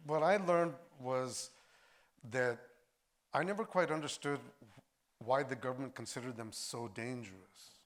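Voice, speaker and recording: An older actor and filmmaker, a man, telling stories in a lively way at a post-screening discussion, acting out voices as he goes. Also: medium pitch, unhurried. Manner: animated storyteller, acts out voices. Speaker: actor and filmmaker, interview guest.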